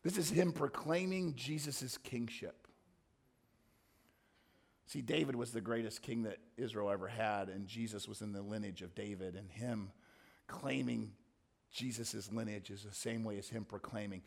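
A man's voice: fairly high pitch, normal speed, gravelly. A male pastor preaching a sermon, telling a story with dramatic shifts.

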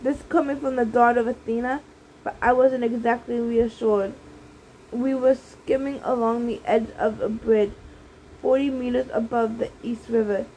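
High-voiced woman reading a story. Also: steady tone, normal speed, dark tone, a little hiss or hum, rough recording. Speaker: audiobook reader. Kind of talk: audiobook narration.

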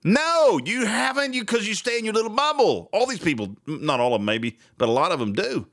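A man's voice: sits high, fairly quick, no echo, clean studio sound. Blunt, laughing male radio host. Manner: blunt, animated, laughs often. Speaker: radio talk show host. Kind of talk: opinionated morning talk radio.

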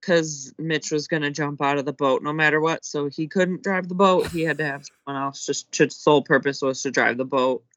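A woman's voice: low-pitched, fairly even intonation, normal speed, few pauses, a bit bright, dry recording, dull audio. A woman co-hosting a casual podcast, talking through a TV episode, sounding incredulous and swearing. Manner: incredulous, quotes characters, swears. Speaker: podcast co-host. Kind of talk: casual chat reviewing a TV episode.

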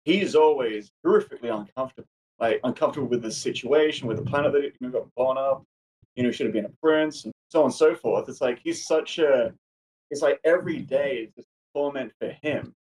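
A man's voice: medium pitch, fairly quick, darkish tone, recorded from a distance, slight background noise, poor audio. Off-mic male interviewer, curious. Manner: curious, asks long wandering questions. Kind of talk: casual interview conversation.

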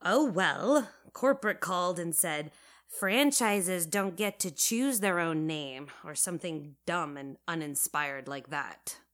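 Crisp, sassy shop manager voiced by a woman. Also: lowish voice, slow pace, a bit bright. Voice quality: crisp, smacks her consonants. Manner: dramatic, bossy.

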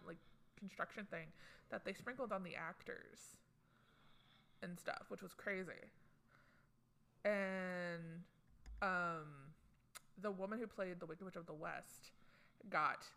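A woman's voice: on the low side, creaky, pushed and bright. A young woman co-hosting a casual pop culture chat, chatty and gossipy, tossing in joking asides. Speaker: co-host.

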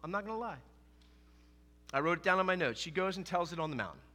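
Bright-voiced male pastor preaching in a reverberant hall. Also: sits high, fast talker. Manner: animated, conversational preaching with quoted dialogue. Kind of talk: sermon.

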